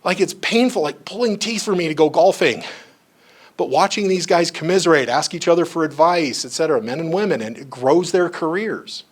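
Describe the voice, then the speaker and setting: A man's voice: a little high, expressive, brisk. A man giving a staff training on psychology, talking conversationally and acting out the people in his stories. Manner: conversational, acts out quoted voices in stories; frequent asides like "you know" and "right". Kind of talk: training lecture with anecdotes.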